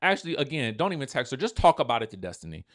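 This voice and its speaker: Lively chatty man recapping a reality show. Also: mid-range voice, rapid-fire. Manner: chatty, talks straight to viewers, acts out cast members in quoted asides. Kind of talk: animated casual recap commentary.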